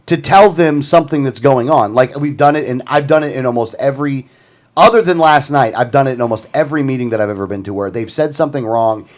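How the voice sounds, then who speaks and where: A man co-hosting a talk show at a mid pitch, who talks quickly and bluntly and piles on emphatic asides. His speech is casual and full of restarts. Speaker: co-host.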